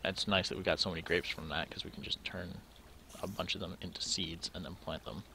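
A man's voice: deep voice, fairly even intonation, brisk, vocal fry, bright, forceful tone, a little hiss or hum. A young man thinking aloud to himself as he plays through a game, in casual commentary. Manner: thinking aloud, musing to himself while sorting items. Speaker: let's play gamer.

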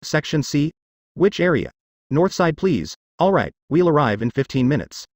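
A man's voice: a little high, very animated, moderate pace, no echo, clean studio sound. A man voicing a curt, businesslike van driver in an audiobook.

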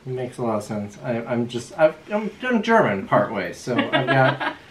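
A man's voice: medium pitch, very animated, moderate pace, reverberant, noisy background. A man on a casual trivia vlog, joking around with dry, teasing remarks. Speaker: guest on a vlog.

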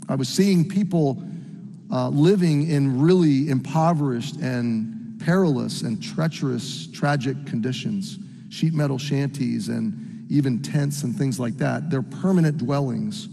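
A middle-aged man from the United States preaching a sermon as a story, earnest and halting with frequent restarts. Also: mid-range voice, vocal fry, dark tone, in a large hall. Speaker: pastor.

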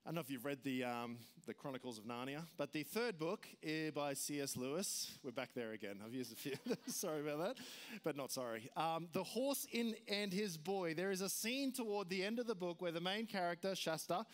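Chatty, higher-voiced male pastor. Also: expressive, fairly quick. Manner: casual, chatty, full of fillers and restarts. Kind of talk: conversational sermon.

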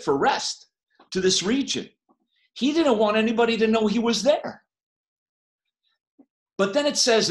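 A man preaching a sermon in a church, impassioned, rising to loud cries when he quotes the text. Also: on the high side. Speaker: pastor.

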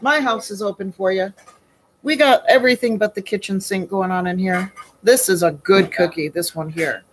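A woman's voice: mid-range voice, moderate pace, a little hiss or hum, low-quality recording. A woman hosting a casual live baking stream from her home kitchen, chatty and folksy, greeting viewers by name.

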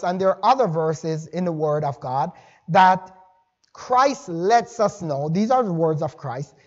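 A male pastor delivers a sermon with a high voice. He talks to the congregation in a loose, folksy way and drifts into friendly asides. The recording sounds dull and lo-fi. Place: church sanctuary.

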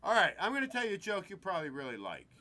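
A man hosting a casual podcast, swearing freely and telling jokes with big swings between loud and murmured delivery. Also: high-pitched, huge pitch swings, very fast. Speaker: show host.

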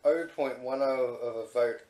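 A man's voice: mid-range voice, moderate pace, dark tone. A man co-hosting a casual chat who playfully needles the others and laughs often. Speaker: podcast co-host. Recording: echoey room, faint noise.

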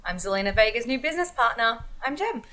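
A woman co-hosting a casual podcast chat, answering in a relaxed, easygoing way. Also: a little high, quick pace, faint music behind, rough recording. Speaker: podcast co-host.

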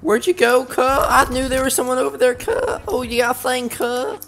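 A man's voice: very high voice, steady tone, normal speed, vocal fry, over music, voice pushed up. A man putting on the voice of a brash rural hick who drawls slang while gaming. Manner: drawling slang, calls everyone "cuz". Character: twangy rural hick guy, brash and cocky.

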